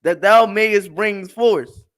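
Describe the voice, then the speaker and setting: A man reading Bible verses aloud for a class, slow and measured. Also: high-pitched, a bit bright, clean tone. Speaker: scripture reader in class.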